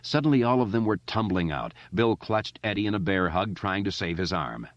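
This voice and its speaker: A man reading a horror novel aloud as audiobook narration, measured and dramatic, in a slightly dull, lo-fi recording. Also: low voice, animated, no echo.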